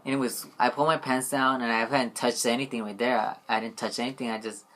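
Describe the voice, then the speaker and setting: A man's voice: mid-range voice, steady tone, quick pace, bright, forceful tone. Young male vlogger, loose and rambling, mid-range voice, casual storytelling. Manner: rambling, full of "like" and "you know what I mean".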